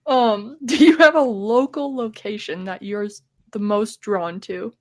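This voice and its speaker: A woman's voice: mid-range voice, unhurried, darkish tone. A woman co-hosting a podcast, chatting casually, teasing her guests and cohost, laughing a lot and swearing freely. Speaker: podcast co-host.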